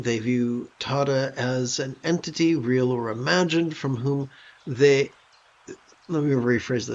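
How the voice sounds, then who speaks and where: A man teaching meditation on a livestream, speaking calmly and thoughtfully and pausing now and then to rephrase. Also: medium pitch, gravelly. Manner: calm, thoughtful, pauses to rephrase. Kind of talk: livestream dharma talk. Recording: dull lo-fi sound.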